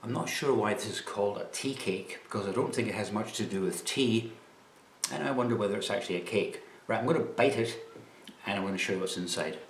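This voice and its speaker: A man's voice: lowish voice, fast talker, roomy sound, slight background noise. A Scottish man chatting casually on camera about snacks while tasting them, with a dry, chatty manner. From Scotland. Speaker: vlogger presenting snacks.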